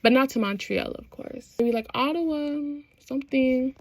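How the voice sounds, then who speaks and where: A woman chatting excitedly through a show recap, slangy and quick to laugh. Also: sits high, dry recording. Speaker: vlogger.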